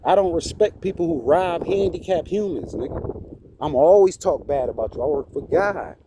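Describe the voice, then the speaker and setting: A man's voice: fairly high pitch, animated, moderate pace, noisy background. A man ranting indignantly to his phone camera outside a church, preachy and repetitive. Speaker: vlogger.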